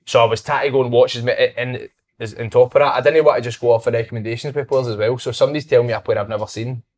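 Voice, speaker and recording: A young Scottish football manager tells stories in casual chat, laughing his way through the anecdotes. His mid-range voice races along very fast, and he's an animated storyteller.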